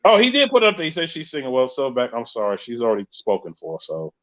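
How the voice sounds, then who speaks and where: A man's voice: mid-range voice, wildly swooping pitch, quick pace, fairly bright tone. Chatty New York man, lo-fi sound. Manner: chatty, joking, reads viewer comments aloud. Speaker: podcast host. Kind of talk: casual live-stream chat reading comments. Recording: dull lo-fi sound.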